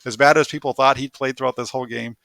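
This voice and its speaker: A man's voice: medium pitch, steady tone, quick pace, creaky, a bit bright, no echo, studio quality. A man who co-hosts a football film review, walking through plays in detail and laughing often. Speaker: football analyst.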